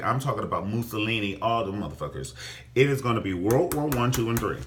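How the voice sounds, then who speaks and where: A man reviewing a TV episode in a casual vlog, sassy and flamboyant, swearing freely, calling his viewers honey and leaping up high in pitch for emphasis. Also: a bit bright. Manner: profane, calls viewers honey. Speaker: TV recap vlogger.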